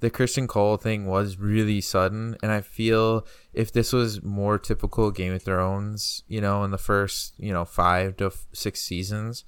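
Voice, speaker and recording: A man co-hosting a podcast, speaking in measured, thoughtful casual chat. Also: on the low side, little pitch movement, clear, resonant tone, dry recording. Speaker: podcast co-host.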